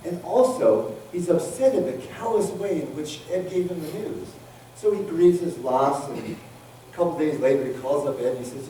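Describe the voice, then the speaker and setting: A man's voice: fairly high pitch, normal speed. Reverend in his sixties, echoey hall. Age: 60s. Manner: animated storytelling, voices the characters. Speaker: guest minister. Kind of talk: sermon with a told joke. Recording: very echoey hall, mic far off, faint noise.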